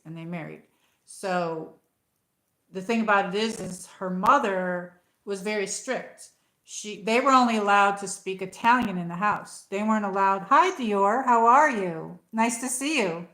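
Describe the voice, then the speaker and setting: A woman's voice: medium pitch, fairly even intonation, normal speed, fairly bright tone, echoey room, rough recording. A woman hosting a casual livestream, chatting in a rambling way with many fillers while answering viewers. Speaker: livestream host. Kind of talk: casual livestream chat reading comments.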